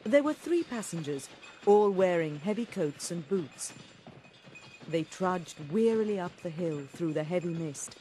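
A woman narrates a classic story in a steady, clear audiobook reading. Her voice sits a little low, and she keeps an even pace. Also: slight background noise.

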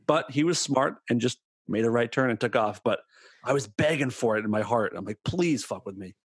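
A man's voice: mid-range voice, husky, no echo. Joking, profane podcast co-host man. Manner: joking, profane, quick backchannel. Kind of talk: casual chat. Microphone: remote call.

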